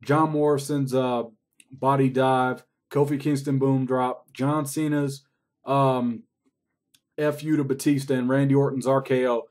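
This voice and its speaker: A man's voice: medium pitch, little pitch movement, measured pace, darkish tone. A man recapping a wrestling show in a casual, rambling way, swearing often. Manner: profane, rambling play-by-play.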